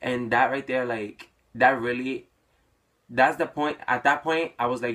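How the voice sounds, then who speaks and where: Young guy, casual storyteller, lots of "like" fillers, mid-pitched voice. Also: fairly even intonation, a little slow, bright, forceful tone. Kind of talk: personal storytelling.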